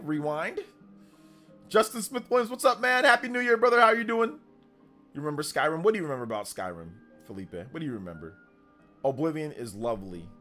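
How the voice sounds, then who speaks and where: A man's voice: medium pitch, a bit bright. A man hosting a casual live stream, hyped up, reading out and thanking donors as he chats. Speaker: livestream host.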